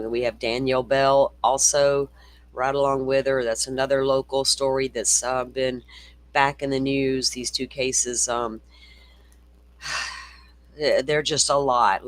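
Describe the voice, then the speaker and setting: A man's voice: medium pitch, fairly bright tone, no room sound. A middle-aged man hosting a casual true-crime livestream, swearing freely and reading viewer comments aloud. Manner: profane, ranting, reads viewer comments aloud.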